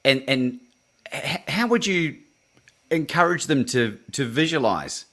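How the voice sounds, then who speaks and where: A man's voice: mid-range voice, animated, measured pace, fairly bright tone. A man co-hosting a talk show, asking a guest a question with some hesitation. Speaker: co-host. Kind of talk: casual interview chat.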